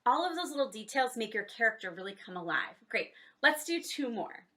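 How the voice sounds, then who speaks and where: Bright, lively woman teaching kids drama. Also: fairly quick. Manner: encouraging, cueing exercises with "ready, set, go"; demonstrates high, low and silly voices. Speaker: children's theater teacher. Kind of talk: online drama lesson for kids.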